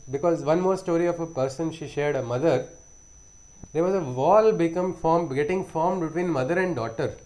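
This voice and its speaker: A man, hosting a podcast and calmly retelling spiritual stories. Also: a little high, a little hiss or hum. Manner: unhurried, reflective retelling of parables. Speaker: podcast host. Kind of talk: spiritual storytelling talk.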